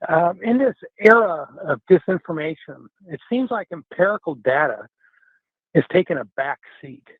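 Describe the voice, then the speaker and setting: A man calling in to a radio show, earnest and halting, with many fillers, heard over a tinny phone line. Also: a little high, lively intonation, slightly rough, no echo. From Wisconsin. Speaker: caller. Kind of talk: call-in radio comment.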